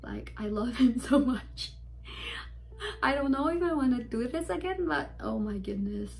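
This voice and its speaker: A young woman telling a rambling, excitable story to her camera as a fan vlogger. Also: a little high, normal speed, soft background music. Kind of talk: casual storytime chat.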